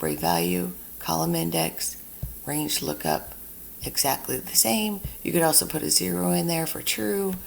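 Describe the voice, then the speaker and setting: A woman teaches a spreadsheet lesson over a screen recording. Her voice sits low and carries heavy vocal fry. She talks herself through every step in a relaxed, chatty way. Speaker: instructor. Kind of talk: screen-recorded software tutorial.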